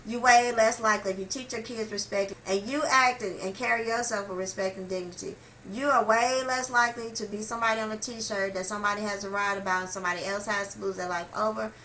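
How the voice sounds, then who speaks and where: A woman's voice: medium pitch, steady tone, fast, hardly any pauses, bright, forceful tone, slight background noise, poor audio. A woman vlogger in an impassioned, profane rant to camera, blunt and repetitive, speaking straight to her viewers. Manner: blunt, heavily profane, repeats herself for emphasis; talks straight to viewers, calls them y'all.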